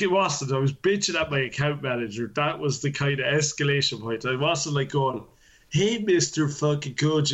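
A man's voice: medium pitch, a bit bright. A man, a network engineer telling a story in casual chat, swearing and laughing as he goes.

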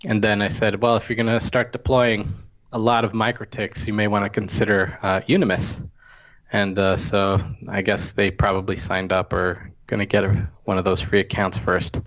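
A man with a fairly low voice chats on a tech podcast. He is easygoing and laughs often as he talks. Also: little pitch movement, moderate pace, a bit bright. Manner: chatty, laughs easily. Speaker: podcast co-host. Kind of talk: casual tech chat.

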